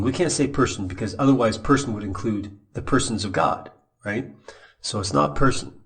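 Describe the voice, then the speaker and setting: A man's voice: fairly low pitch, normal speed, creaky. A man giving a recorded Bible lesson at his computer, talking casually and thinking aloud with restarts and asides. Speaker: Bible teacher. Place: at a computer, showing a website on screen.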